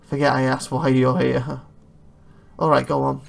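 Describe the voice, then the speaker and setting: A man's voice: medium pitch, completely flat delivery, measured pace, creaky. A man hosting a let's play, making joking, rambling asides over the game. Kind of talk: casual gameplay commentary.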